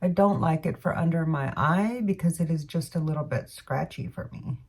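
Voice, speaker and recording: A woman beauty vlogger casually chats through her makeup routine, rambling and correcting herself with murmured asides. Her low-pitched voice has a darkish tone and a breathy edge at normal speed, and the mic sounds distant.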